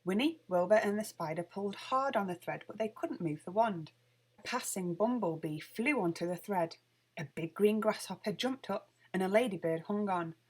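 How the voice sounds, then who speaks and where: A woman reading a children's picture book aloud with lively, expressive storytelling. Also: medium pitch, normal speed, slightly rough. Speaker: storybook reader.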